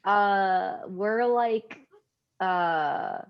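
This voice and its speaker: A woman's voice: mid-range voice, drawn-out words, vocal fry, smooth, lo-fi sound. A woman co-hosting a podcast, chatting casually and telling stories with lots of swearing. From Canada. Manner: swears freely, animated storytelling. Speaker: podcast co-host.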